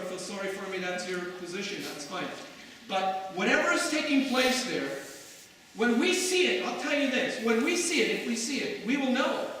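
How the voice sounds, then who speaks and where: A man's voice: sits high, sharp tone, slight background noise. A man preaching a sermon as pastor, talking conversationally and throwing rhetorical asides to his congregation. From Canada. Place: church sanctuary. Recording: echoey church hall from far off.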